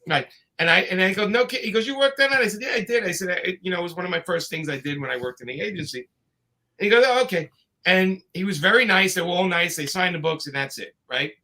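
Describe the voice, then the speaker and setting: A man tells his stories in a loose, meandering way, stopping and restarting with plenty of fillers. His voice sits a bit high and comes across bright and forceful. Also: fast talker. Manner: rambling anecdotes with many fillers and restarts. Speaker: comics creator telling stories. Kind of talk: casual storytelling chat.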